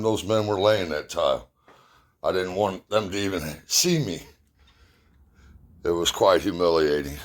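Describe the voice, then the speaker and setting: A middle-aged man casually telling rambling, profane, self-mocking stories and jokes to his viewers. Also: sits low. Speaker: vlogger. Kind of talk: casual storytelling.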